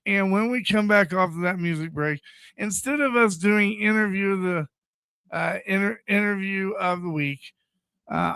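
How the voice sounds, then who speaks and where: Male radio host, high and bright, quick restarts, dry studio sound. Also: clear, resonant tone, dry recording. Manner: animated, stammering restarts. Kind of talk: casual radio banter.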